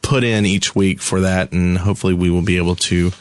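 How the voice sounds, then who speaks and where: Male podcast co-host, lowish voice, close dry mic, unhurried with fillers. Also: little pitch movement, no room sound. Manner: easygoing, hesitant with fillers. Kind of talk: casual gaming podcast chat.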